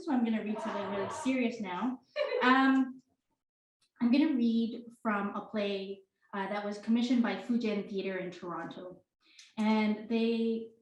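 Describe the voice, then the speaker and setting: A woman introducing and reading her work at a book launch, chatty and self-deprecating, with stage directions read plainly. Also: mid-range voice. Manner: chatty, self-deprecating, laughing between lines. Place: bookstore event room indoors. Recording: echoey room.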